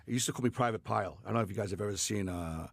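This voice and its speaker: Deep gravelly man, fast rambling talk. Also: no echo. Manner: rambling, lots of fillers and restarts. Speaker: chef, studio guest. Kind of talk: casual radio interview. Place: radio studio.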